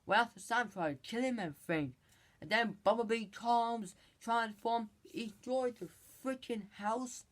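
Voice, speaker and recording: A movie reviewer casually recaps a film, rambling and halting with many restarts and exasperated asides. The voice is mid-range with a fairly bright tone.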